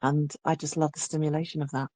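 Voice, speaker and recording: A woman's voice: low-pitched, little pitch movement, fast talker, darkish tone, dry recording. A woman audiobook narrator from England, talking enthusiastically in an interview. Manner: enthusiastic, restarts phrases. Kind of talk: conversational interview.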